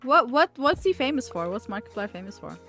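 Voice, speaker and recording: A woman with a high voice, playing a block-building game with friends. She talks playfully and keeps pressing her questions. Soft music plays faintly behind her. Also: big pitch swings, brisk. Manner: playful, insistent, repeats questions. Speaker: fellow player. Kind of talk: casual gaming chat.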